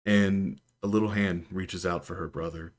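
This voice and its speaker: A man narrating as game master of a tabletop game, in a calm, measured way. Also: low-pitched.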